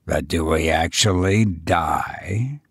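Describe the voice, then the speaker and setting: A man voicing a dying old male banker, his speech low, blunt and commanding. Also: takes it slowly, husky, dry recording, clean studio sound, heavily acted. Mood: grave.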